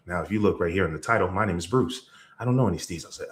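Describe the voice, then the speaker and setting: A man giving a motivational sales talk, telling a story with lively energy and sudden jumps in pitch. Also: fast, echoey room. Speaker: sales trainer. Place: event room or video call.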